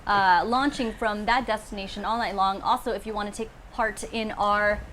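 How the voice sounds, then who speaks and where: A young woman hosting a live panel webcast from a studio, reeling off quick, jokey introductions and laughing often. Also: mid-range voice, fairly even intonation, a bit bright, a little hiss or hum. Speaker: show host.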